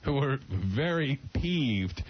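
A man's voice: mid-range voice, lively intonation, slow, husky. A blind man telling a rambling, laughing story as a guest on a radio show. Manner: laughing, rambling, imitates others. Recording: muffled radio broadcast.

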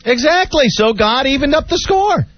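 A man co-hosting a radio talk show, sarcastic and mock-righteous, deliberately provoking in casual banter. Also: very high voice, lively intonation, no echo. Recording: dull lo-fi radio audio with faint music.

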